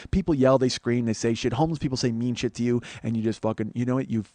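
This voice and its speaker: A man's voice: medium pitch, fast, darkish tone, no echo. A man in his forties telling a rambling, profane story as a podcast host. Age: 40s. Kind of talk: storytelling monologue.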